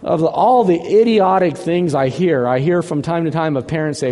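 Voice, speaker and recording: Male pastor, fairly high voice, emphatic sermon delivery, hall reverb. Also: moderate pace, few pauses. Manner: emphatic, swings from hushed to forceful.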